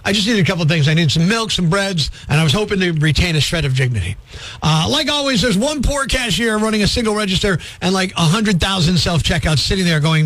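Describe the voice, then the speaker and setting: A man with a notably high speaking voice hosting a morning radio show. He rants with comic exasperation and throws in sarcastic asides, speaking into a studio mic. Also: animated, fast talker, a bit bright. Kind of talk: comedic radio talk and rant.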